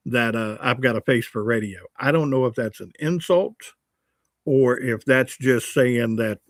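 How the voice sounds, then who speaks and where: A man in his sixties hosts a casual livestream, reading out viewer comments and teasing himself with an easy, joking manner. His voice sits in a middle register, and the sound is dry with no room echo. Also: medium pitch. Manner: joking, chatty and self-mocking. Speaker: livestream host and radio host.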